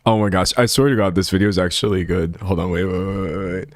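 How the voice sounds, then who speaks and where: A man's voice: sits low, steady tone, quick pace, few pauses, no room sound, studio quality. A man hosting a livestream in a casual rant, laughing often and rambling with restarts, talking into a streaming microphone at a home setup. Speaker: livestream host.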